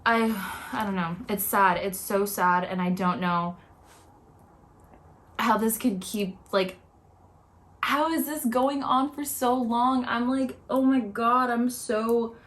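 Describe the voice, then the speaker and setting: A woman's voice: a little high, fairly even intonation, slow, fairly bright tone. A young woman vlogging her reaction, talking in an upset, rambling way with many filler words. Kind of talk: emotional reaction commentary.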